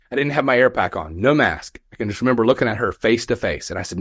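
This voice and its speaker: A young firefighter man telling a call story on a podcast, animated, quoting people in raised voices. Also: mid-range voice, fast talker, hardly any pauses, dry recording, clean studio sound. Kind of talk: casual storytelling.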